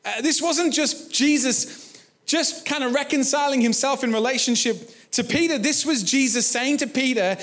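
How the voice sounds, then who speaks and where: A man preaching a sermon, retelling a story in a reflective way, with frequent pauses and restarts. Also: very high voice, a bit bright.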